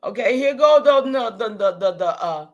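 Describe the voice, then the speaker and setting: A woman's voice: on the high side, lively intonation, normal speed, dull audio. A woman hosting a livestream, talking straight to her viewers, emphatic and repeating herself, swearing when heated and then apologising. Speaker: livestream host.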